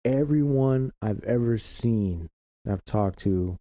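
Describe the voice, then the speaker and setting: A man's voice: mid-range voice, takes it slowly, mellow, no room sound. A man from Florida co-hosting a casual podcast, rambling and swearing constantly. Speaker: podcast co-host. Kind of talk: casual profane chat. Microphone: home podcast mic setup.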